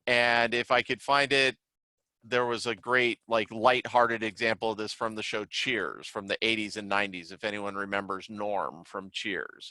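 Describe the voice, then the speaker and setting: A man lectures as a trainer in a loose, chatty way, scattering filler words as he explains. His voice is bright and forceful. The sound is dry, with no room echo. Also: on the low side. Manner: conversational, many "like" fillers, lively retelling. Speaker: CERT trainer and psychiatrist. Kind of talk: casual online lecture.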